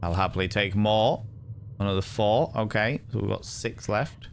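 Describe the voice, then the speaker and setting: A man's voice: on the low side, moderate pace, gravelly, slight background noise. A man streaming a horror game, thinking aloud in short muttered remarks as he plays. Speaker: gaming streamer. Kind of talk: live gameplay commentary.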